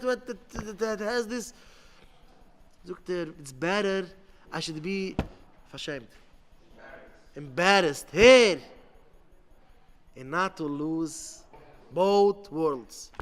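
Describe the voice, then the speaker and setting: A man, a rabbi giving an impassioned sermon, halting with many restarts. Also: high-pitched, fairly bright tone. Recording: long hall reverb.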